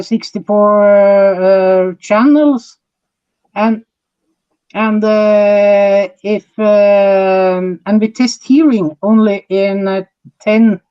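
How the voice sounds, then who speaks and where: Slow-talking Norwegian man on muffled audio. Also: high voice, mellow, clean tone. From Norway. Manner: halting and thoughtful. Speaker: podcast guest, audiology innovator. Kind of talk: casual interview answers. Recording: dull, muffled remote audio.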